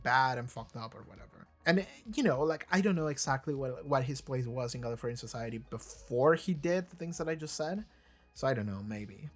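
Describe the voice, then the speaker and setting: A man hosting a reaction video, rambling through casual commentary with lots of fillers, restarts and casual swearing. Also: on the high side.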